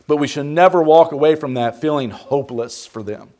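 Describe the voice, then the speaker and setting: A man's voice: fairly high pitch, a little fast, dark tone. A man preaching a Bible study, emphatic, putting questions to the class. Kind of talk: interactive Bible study sermon.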